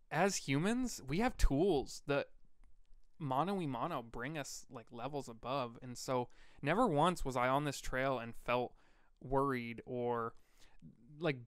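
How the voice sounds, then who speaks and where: Man, podcast co-host, rambling storyteller, very smooth voice, dry close sound. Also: mid-range voice, fairly bright tone, no echo. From Vermont. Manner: rambling, laid-back storyteller with fillers. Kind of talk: casual storytelling chat.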